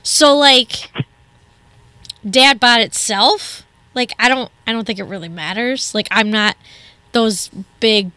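Bright, slow-talking woman on radio. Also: fairly high pitch, no room sound. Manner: chatty, rambling with restarts. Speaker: radio co-host. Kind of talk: casual radio banter. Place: radio studio.

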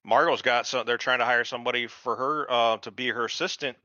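Profane ranting man, bright edge. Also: medium pitch, fairly even intonation, a little fast, no echo, highs cut off. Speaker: podcast host. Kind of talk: casual podcast chat.

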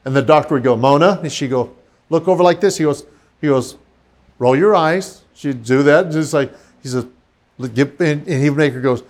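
Speaking briskly in a mid-range voice, this pastor recounts a story during a casual conversation. He is animated, performing the voices of the characters he quotes.

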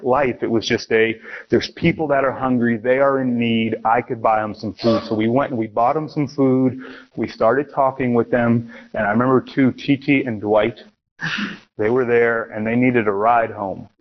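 A man's voice: medium pitch, steady tone, normal speed, lo-fi sound. A man from Miami preaching a sermon, telling personal stories in a casual, conversational way with frequent restarts. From Miami, USA.

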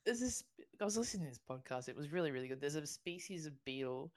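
A woman's voice: low voice, lively intonation, quick pace. An Australian woman co-hosting a podcast, telling stories in a chatty way with frequent laughter and restarts. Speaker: podcast co-host. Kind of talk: casual chat.

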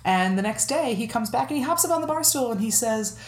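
A playful woman co-hosting a podcast, telling jokes with animated delivery and easy laughter. Her voice sits at a middle pitch, and the sound carries a noticeable room echo. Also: a little fast, hardly any pauses. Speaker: podcast co-host. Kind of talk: casual chat, joke telling. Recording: echoey room.

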